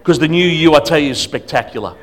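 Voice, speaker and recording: Slightly high-voiced guy preaching in church, punchy then quiet, back and forth. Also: fast. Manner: emphatic, swings between loud declarations and quiet asides. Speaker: guest preacher. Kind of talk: sermon. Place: church service.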